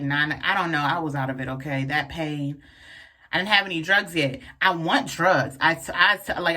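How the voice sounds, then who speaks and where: A young woman telling a personal story in a casual vlog, frank and profane, full of fillers and lively asides. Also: on the low side. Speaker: vlogger telling a birth story.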